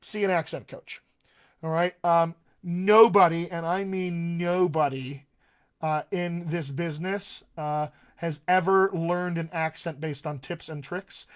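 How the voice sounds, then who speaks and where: A man's voice: on the high side, fairly even intonation, a little slow. A man who works as a dialect coach, answering viewer questions in a live online Q&A, talking in a casual, emphatic way with plenty of fillers. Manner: enthusiastic, emphatic, conversational with many fillers. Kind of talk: live Q&A stream.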